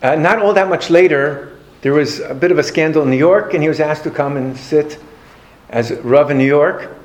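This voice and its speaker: A man giving a storytelling lecture on Jewish history to a live audience, animated and anecdotal with dry humor. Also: on the high side, moderate pace.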